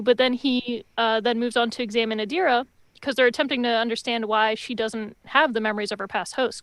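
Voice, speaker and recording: A woman's voice: on the high side, fairly bright tone, dry recording. A woman co-hosting a podcast, chatting casually and expressively in a review, cursing now and then. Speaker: podcast co-host.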